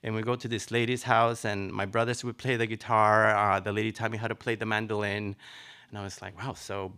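Gravelly, bright-voiced man telling his story. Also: fairly low pitch, fairly quick. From Nicaragua. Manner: chatty, many fillers, animated retelling. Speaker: interviewee. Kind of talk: personal storytelling.

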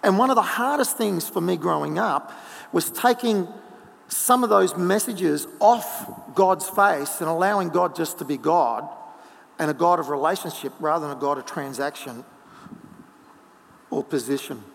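A middle-aged man preaching a sermon in a church, telling stories in a relaxed, conversational way. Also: fairly high pitch, moderate pace, vocal fry. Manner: conversational storytelling with asides. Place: church hall. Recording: long hall reverb.

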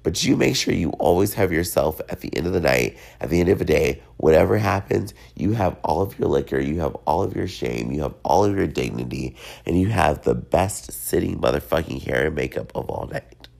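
A man's voice: rumbling low, animated, brisk, gravelly, darkish tone. A man hosting his own podcast, talking in a loose, rambling solo rant while congested, sick and drunk. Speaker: podcast host.

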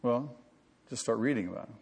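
A man's voice: medium pitch, a little fast, gravelly, darkish tone, husky, long reverb tail. A man preaching a sermon as pastor, earnest and rising to emphatic peaks.

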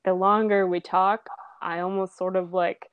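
A woman's voice: medium pitch, moderate pace, smooth, dry recording, narrow, tinny audio. Woman, young adult, casual chat, laughs a lot, dry close recording. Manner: laughs often, chatty and animated. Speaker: restaurant manager.

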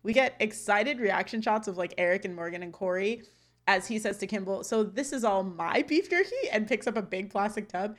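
A woman's voice: medium pitch, animated, fairly quick. A woman co-hosting a podcast, recapping a sitcom episode scene by scene in casual chat, quoting lines and laughing often. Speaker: podcast co-host.

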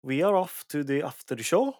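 Man doing a playful mock Norwegian accent, halting with fillers, dry close sound. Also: a little high, very animated, darkish tone, dry recording. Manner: hesitant, lots of "uh". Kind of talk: podcast sign-off in a put-on accent.

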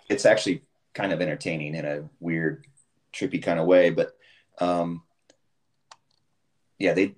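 Casting note: man, very deep voice, laid-back deadpan co-host. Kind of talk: casual banter.

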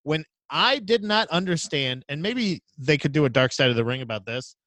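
With a slightly high voice and normal speed, a podcast co-host tells animated, profane stories that wander as he chats casually. The recording is dry.

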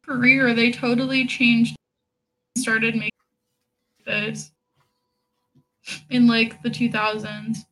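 Female co-host, high and bright, conversational, note-driven. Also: flat delivery, slow pace, pauses often, low-quality recording. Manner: chatty, reads from her notes. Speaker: podcast co-host. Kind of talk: casual chat.

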